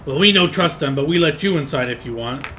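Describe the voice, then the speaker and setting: A man's voice: on the high side, expressive, brisk, sharp tone, faint music behind, voice pushed up. A man voicing a blunt, suspicious male goblin guard who talks in broken grammar. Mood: stubborn. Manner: broken grammar, gruff and stubborn.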